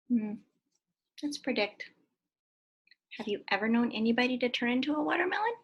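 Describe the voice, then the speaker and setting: A woman teacher reads a picture book to young children and keeps pausing to ask them questions. Her voice is fairly high and breathy, and she sounds animated. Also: highs cut off.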